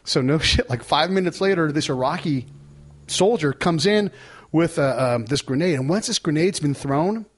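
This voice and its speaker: A man who served in the military, a guest on a podcast, telling war stories in a relaxed, rambling way. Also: fairly high pitch, normal speed, husky. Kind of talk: casual chat.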